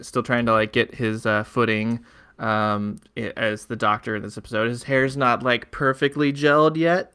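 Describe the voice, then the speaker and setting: Casting: hombre, co-host de podcast, voz limpia y resonante, charla relajada con muletillas. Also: male voice, medium pitch, a bit bright, clear, resonant tone. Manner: rambling, filler-heavy, chuckling recaps. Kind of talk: casual podcast chat.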